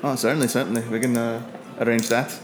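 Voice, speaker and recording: Guy doing a gruff old dwarf who loves his ale, grumbly, tabletop game. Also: mid-range voice, little pitch movement, fast talker, music in the background, lightly acted.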